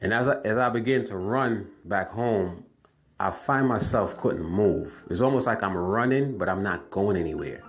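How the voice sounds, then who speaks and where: A man's voice: fairly low pitch, normal speed. A man telling viewers a story in casual talk. He rambles, repeats himself and calls his listeners family. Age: adult, has wife and kids. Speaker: vlogger telling a dream.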